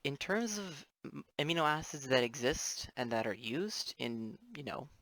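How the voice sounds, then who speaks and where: A man's voice: mid-range voice, lively intonation, normal speed, a bit bright, no echo. A young man, a student, giving a casual explainer lesson over his drawings, rambling with offhand apologetic asides. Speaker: student presenter.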